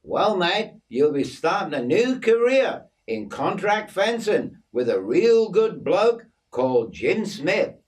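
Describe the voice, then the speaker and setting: A man's voice: high-pitched, big pitch swings, slow, hardly any pauses, voice pushed up, exaggerated voice. A man voicing a friendly, grinning outback bloke with an Australian accent and breezy matey slang. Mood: cheery.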